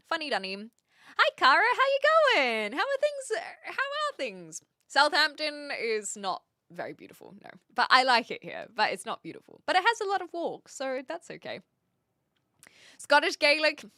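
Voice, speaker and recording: A woman's voice: on the high side, pushed and bright, no room sound, clean studio sound. A woman with a light New Zealand accent, chatting casually with her live chat from her home streaming room into a stand mic, giggly and self-mocking. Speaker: Twitch streamer.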